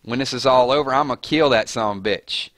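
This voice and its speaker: A man voicing a tough, vengeful Southern farm woman with a put-on Georgia accent, slow and deliberate. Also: mid-range voice, a bit bright, no room sound, natural voice.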